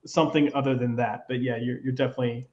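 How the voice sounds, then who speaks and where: A man co-hosting a podcast in relaxed casual chat, often agreeing and using fillers. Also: mid-range voice, quick pace, reverberant, lo-fi sound, a loud crowd. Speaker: podcast co-host.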